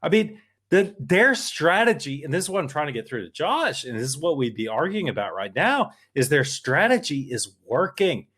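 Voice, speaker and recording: A man's voice: on the high side, big pitch swings, moderate pace, a bit bright, husky. Worked-up man ranting on a podcast. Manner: worked up, emphatic, rambling. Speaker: podcast co-host. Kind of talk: casual political podcast chat.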